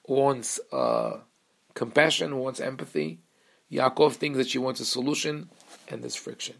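Gravelly man giving a Torah lesson. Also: medium pitch, fairly bright tone. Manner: earnest, explanatory, with pauses and restarts. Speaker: rabbi.

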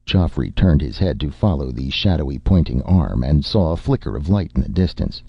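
Very deep gravelly male narrator. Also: moderate pace, dry recording. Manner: dramatic, lively storytelling. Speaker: audiobook narrator. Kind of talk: scripted narration. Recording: dull lo-fi recording.

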